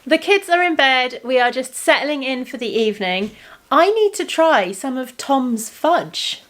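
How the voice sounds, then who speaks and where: Woman, 30s, casual vlog chat, many ums, a bit high-pitched. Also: expressive, unhurried, a bit bright. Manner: chatty, many ums, laughs often. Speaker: vlogger. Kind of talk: casual evening chat to camera.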